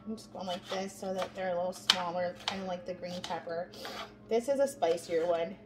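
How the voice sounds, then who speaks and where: A woman's voice: fairly low pitch, steady tone, brisk. A woman hosting a casual cooking demonstration in a home kitchen, chatting through each step as she works. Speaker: cooking show host. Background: background music.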